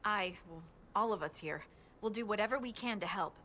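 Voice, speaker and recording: A woman's voice: medium pitch, a little fast, a bit bright, slight background noise, close to an everyday voice. A woman voicing a friendly, earnest young dwarf scout in a video game.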